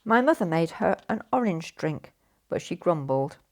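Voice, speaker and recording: Gravelly woman reading a children's story. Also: lowish voice. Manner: expressive, drawn-out sound words.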